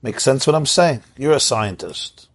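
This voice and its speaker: A man's voice: medium pitch, lively intonation, measured pace, gravelly, dry recording. A man teaching an informal Torah class, telling stories, asking his listeners questions and chanting Hebrew verses.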